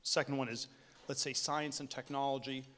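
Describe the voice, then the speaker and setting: A man giving a conference keynote speech, talking in a halting way with many restarts and fillers. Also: mid-range voice, fairly even intonation, fairly bright tone. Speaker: keynote speaker. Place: hotel conference room.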